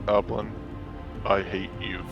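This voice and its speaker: A man playing a tabletop game, speaking in a halting, hesitant way. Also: on the low side, level tone, muffled recording, music in the background. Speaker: player. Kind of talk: casual tabletop play.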